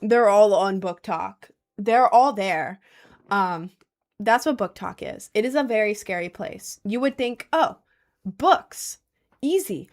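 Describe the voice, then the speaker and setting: A young woman livestreaming, chatting casually with her viewers in a rambling, animated way with lots of "like" and laughter. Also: medium pitch, slow. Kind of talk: casual livestream chat reading viewers' messages.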